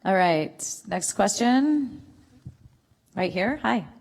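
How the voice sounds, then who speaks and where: A woman's voice: mid-range voice, expressive, slow pace, vocal fry. A woman moderating a convention panel, giving short, friendly prompts and passing the microphone to fans. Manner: brief, friendly prompts and thanks. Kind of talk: moderating a fan Q&A.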